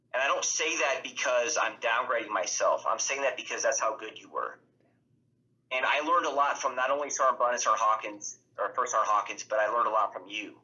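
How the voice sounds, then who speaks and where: A man's voice: medium pitch, sharp tone, highs cut off. A man speaking as a podcast guest, earnest and heartfelt, repeating his phrases as he talks. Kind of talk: heartfelt casual tribute.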